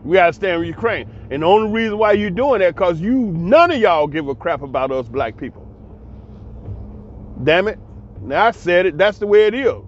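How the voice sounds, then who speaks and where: A man's voice: high voice, animated, normal speed, dull audio, slight background noise. A man, giving a heated, preachy monologue that repeats itself. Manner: preachy, ranting, repetitive. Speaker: commentary channel host.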